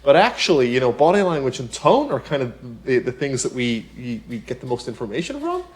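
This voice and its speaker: A man teaching piano in a relaxed tutorial, talking chattily, with many "you know" asides and rhetorical questions. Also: mid-range voice, a little fast. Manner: explains with everyday examples. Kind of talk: casual spoken tutorial.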